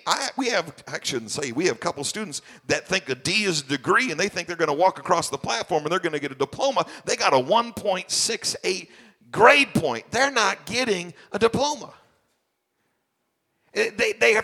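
A man's voice: sits high, pushed and bright. A man, a senior pastor, preaching a sermon at a church service. He sounds tired and talks emphatically, often restarting and repeating his phrases.

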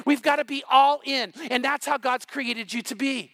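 A middle-aged male pastor preaching a sermon, impassioned and building to near-shouts. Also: very high voice, steady tone, moderate pace, no echo.

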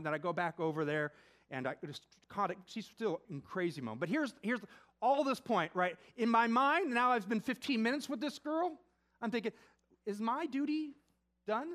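A middle-aged man preaching a conversational sermon, telling a personal story with animated asides. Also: high voice, moderate pace. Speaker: pastor.

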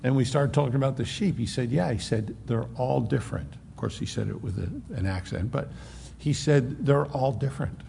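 A man preaching a sermon, emphatic and conversational, slowing down to stress points. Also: mid-range voice, creaky, dark tone. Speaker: pastor. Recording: long hall reverb, faint noise.

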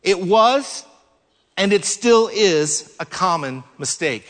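Male preacher, higher voice, sermon delivery, deliberate emphasis, long hall reverb. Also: lively intonation, a bit bright. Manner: measured, slows down to stress key words.

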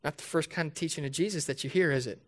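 Man preaching an emphatic, conversational sermon. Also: fairly high pitch. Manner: conversational preaching with rhetorical questions; emphatic, slows down to stress key points. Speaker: pastor.

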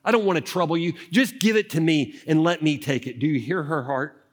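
A man preaching an Easter sermon, acting out the scenes of the story as he tells it, at times dropping soft and low. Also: fairly quick. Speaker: pastor.

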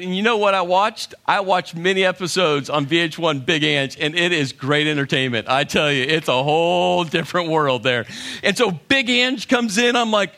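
A middle-aged man telling a funny story to an audience, lively, with acted-out quotes. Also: a little high. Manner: animated, humorous, acts out quotes. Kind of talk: storytelling talk.

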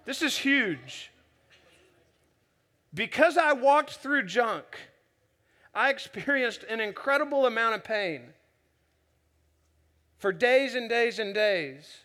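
A young man preaching in a chatty, animated way, often repeating words as he restarts sentences. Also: very high voice, slow, pauses often. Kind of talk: storytelling sermon.

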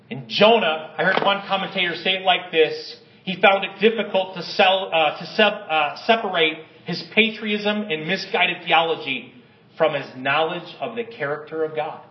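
A man's voice: fairly high pitch, moderate pace. A male pastor preaching an impassioned sermon to a congregation, calling on them to respond. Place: church sanctuary. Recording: echoey church, slightly dull sound.

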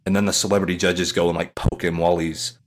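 A man's voice: low voice, quick pace, slight background noise. A man in casual podcast banter, telling a story with lots of swearing and voiced impressions of other people. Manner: animated storyteller, swears, mimics people with laughter.

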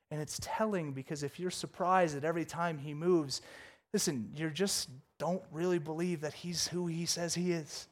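A man preaching a sermon, reading scripture and then retelling it with jokes and lively asides. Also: normal speed. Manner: animated, jokey storytelling with big pitch swings; reads scripture aloud, then riffs casually. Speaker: pastor.

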